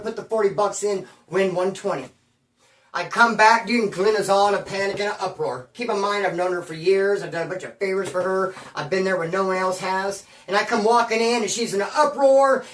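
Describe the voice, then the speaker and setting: A man's voice: high-pitched, a bit bright, echoey room, distant mic. A man telling a rambling story in heavy street slang, acting out the voices of the people in it. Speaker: storyteller recounting prison-life stories. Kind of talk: casual storytelling monologue.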